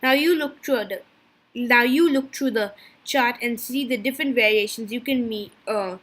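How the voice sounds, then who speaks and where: A woman giving a class presentation from slides, halting and stumbling over technical terms. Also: a little high, fairly bright tone. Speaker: student presenter.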